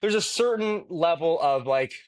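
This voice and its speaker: A man's voice: a little high, lively intonation, moderate pace. A man co-hosting a casual podcast chat, rambling with frequent fillers, restarts and casual swearing. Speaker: podcast co-host.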